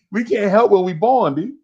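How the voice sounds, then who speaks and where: A man's voice: high-pitched, slightly rough, lo-fi sound. A man, hosting a casual podcast chat and telling stories with slang and acted-out voices. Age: 50s. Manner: animated storyteller, slangy, acts out voices. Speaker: show host.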